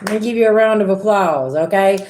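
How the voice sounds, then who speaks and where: A woman's voice: mid-range voice, fairly quick, darkish tone, echoey room. A woman giving a casual tarot reading to her viewers, talking bluntly with sass, slang and swearing. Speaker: tarot reader.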